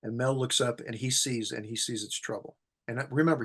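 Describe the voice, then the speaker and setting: A man's voice: mid-range voice, a little fast, slightly rough. A man, a screenwriter and horror film expert, telling anecdotes as an interview guest and acting out the quotes. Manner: relaxed anecdotal storyteller who acts out quotes. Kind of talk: storytelling in an interview.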